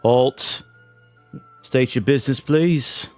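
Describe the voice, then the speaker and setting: A man's voice: medium pitch, slow, faint music behind, voice pushed up, natural voice. A man voicing a dutiful, formal male town guard with a clipped manner.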